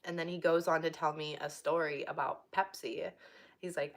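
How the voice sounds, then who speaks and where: Bright-voiced young woman reading aloud. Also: lowish voice. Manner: reads haltingly, stops to chat and laugh. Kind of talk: casual reading and chat.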